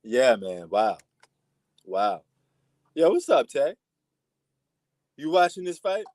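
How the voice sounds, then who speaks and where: A man's voice: medium pitch, big pitch swings, slow, darkish tone, no room sound. A man from New York with a New York accent, giving slangy, laid-back live commentary on a boxing match as a stream host. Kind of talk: casual live fight commentary.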